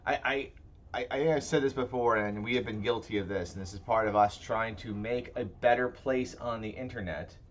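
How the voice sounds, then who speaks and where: A man's voice: mid-range voice, a little fast, muffled recording, slight background noise. A man co-hosting a casual tabletop gaming podcast, talking in rambling, self-interrupting chat. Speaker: podcast co-host.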